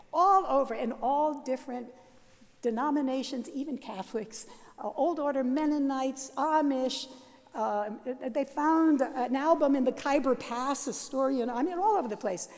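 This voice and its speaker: An older woman, a Catholic nun, telling her life story in a lively, laughing way and acting out the sounds and voices in it. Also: high-pitched, long reverb tail. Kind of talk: animated personal storytelling.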